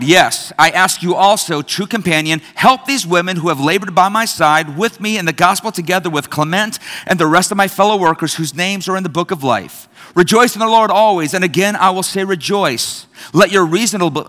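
Animated male pastor in a reverberant hall. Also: high-pitched. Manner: animated storytelling, acts out family voices. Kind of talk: sermon.

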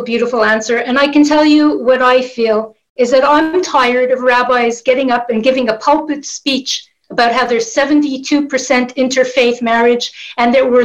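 A woman's voice: sits high, poor audio. A woman journalist interviewing a guest, heartfelt and full of blessings, using Hebrew phrases. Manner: warm, blessing-giving, uses Hebrew phrases. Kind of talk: interview questions.

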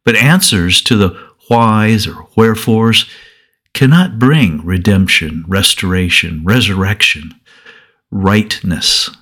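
Slow, low-voiced devotional storyteller, a man. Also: sharp tone. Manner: measured, earnest, dramatic pauses. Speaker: devotional speaker.

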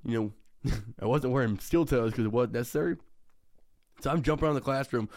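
On a podcast he co-hosts, a young man casually tells a story full of swearing and frequent laughter. He's a fast talker with a mid-range, darkish voice.

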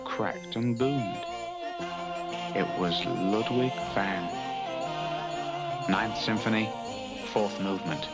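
A young delinquent narrating over music. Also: male voice, fairly low pitch, takes it slowly, long pauses. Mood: pained. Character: young male delinquent narrating his own suffering. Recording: film voice-over under clear orchestral music.

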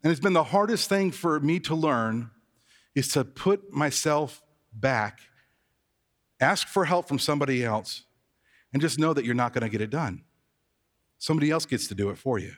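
A man's voice: mid-range voice, big-room sound. A man preaching as a pastor, telling stories in a conversational, self-mocking way. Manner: conversational, self-deprecating storytelling. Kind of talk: sermon.

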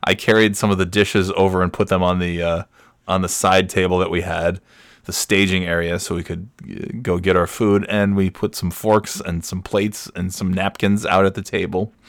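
A man's voice: deep voice, flat delivery, moderate pace, dry recording, studio quality. A man in his forties hosting a podcast, telling a rambling story and often chuckling at himself. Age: 40s. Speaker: podcast host. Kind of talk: casual storytelling.

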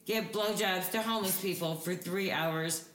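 A woman co-host in casual chat, brash and profane, ranting loudly about her choices. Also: fairly low pitch, moderate pace. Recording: echoey room, faint noise.

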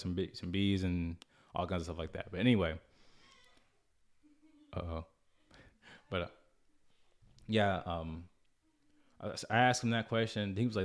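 A man in his early twenties tells a personal story straight to camera, and it comes out rambling and full of restarts. His voice sits a little low, and he jumps up into a higher voice whenever he imitates other people. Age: 20s. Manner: rambling, restarts often, mimics others in a raised voice. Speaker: vlogger.

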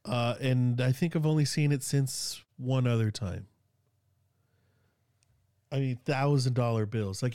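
A man's voice: mid-range voice, fairly even intonation, unhurried, pauses often, warm tone, dry recording, studio quality. A man from Sacramento with a Northern Californian accent, chatting casually and rambling with lots of fillers and slang. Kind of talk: casual chat.

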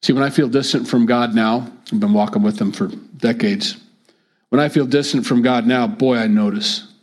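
A middle-aged pastor giving a sermon, praying and teaching in an easygoing, conversational way with frequent fillers. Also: male voice, mid-range voice, fairly even intonation, moderate pace.

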